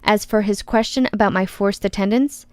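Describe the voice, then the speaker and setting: A woman's voice: medium pitch, steady tone, moderate pace, no echo. A woman narrating an audiobook in the first person, with a wry, sarcastic edge.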